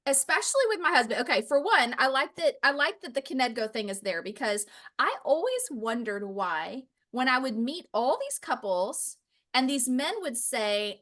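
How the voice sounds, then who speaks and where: A woman's voice: high voice, big pitch swings, moderate pace, fairly bright tone. A woman hosting a faith podcast, chatting expressively, agreeing eagerly and laughing readily. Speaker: podcast host. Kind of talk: casual faith conversation.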